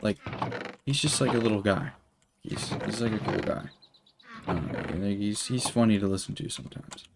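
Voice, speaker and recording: A young man in his twenties, with a lowish voice at normal speed, tells a long, rambling story while gaming on stream. He swears a lot and leans heavily on fillers, with background noise in the clip.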